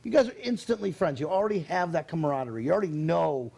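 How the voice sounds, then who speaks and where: A man hosting a casual interview show, chatting in an animated way. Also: on the high side, fast talker, vocal fry. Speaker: host.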